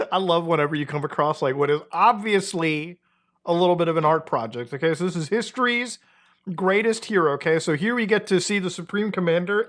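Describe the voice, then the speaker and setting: A man's voice: fairly high pitch, expressive, moderate pace, fairly bright tone. A man hosting internet commentary in a casual, slangy way, with frequent swearing and offhand asides.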